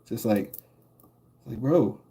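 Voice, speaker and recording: A man's voice: mid-range voice, animated, slow pace, creaky, warm tone. Rambling, chuckling male streamer. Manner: rambling, profane, chuckles often. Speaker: gaming streamer. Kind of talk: casual storytelling while streaming.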